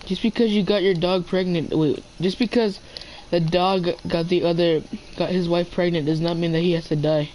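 A teenage boy playing a video game chats casually and playfully, addressing the animals on screen. He speaks at a moderate pace in a high, steady, slightly mellow voice, and the poor audio includes slight background noise.

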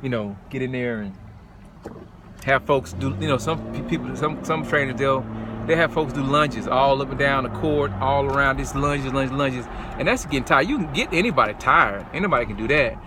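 A fitness trainer man talks through a casual vlog with shallow, careful breaths. He stumbles and repeats himself as he goes. He records outdoors, and clear street and car noise runs behind his voice. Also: mid-range voice. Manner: halting, repeats words and restarts often. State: short of breath from bruised ribs.

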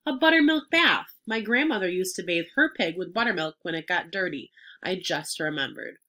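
Lady doing a firm bossy farm wife, bright voice. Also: on the low side, animated, normal speed.

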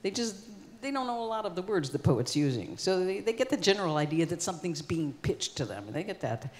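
A woman's voice: on the low side, big pitch swings, fast talker, darkish tone. A woman in her sixties, a performance artist, telling an old story live on stage in a casual, conversational way with lots of "you know" and "like.". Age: 60s. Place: concert hall stage. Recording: long concert-hall reverb.

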